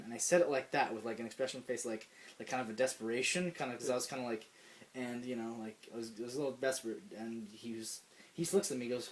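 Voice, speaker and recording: Profane, animated young man telling stories. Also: medium pitch, fast talker. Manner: profane, animated storytelling with frequent "like". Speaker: podcast co-host. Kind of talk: casual ranting chat.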